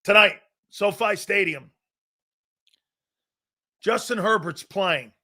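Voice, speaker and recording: Man, sports talk host, live show rant, blunt, profane, mocking, high voice, bright tone. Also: takes it slowly.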